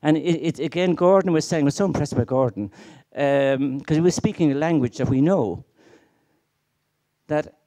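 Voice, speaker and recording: A man's voice: fairly high pitch, normal speed, dark tone. A middle-aged man giving a conference keynote, emphatic and full of rhetorical questions and stories. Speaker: keynote speaker.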